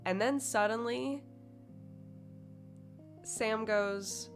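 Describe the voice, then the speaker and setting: A woman's voice: sits low, unhurried, soft background music. A woman streamer chatting casually with her viewers, telling a story with lots of "like" fillers and bursts of laughter.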